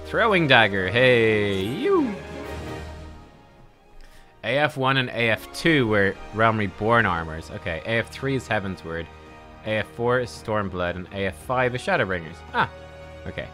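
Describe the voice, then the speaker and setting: A man's voice: on the low side, animated, normal speed, sharp tone. A man giving casual let's-play commentary as a gaming streamer, chatty, swearing and laughing easily. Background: faint game music.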